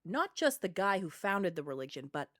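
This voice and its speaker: A woman's voice: on the low side, big pitch swings, moderate pace, a bit bright. A woman co-hosting a podcast, chatting casually in a giggly, self-deprecating way. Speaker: podcast co-host. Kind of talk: casual chat about reality TV.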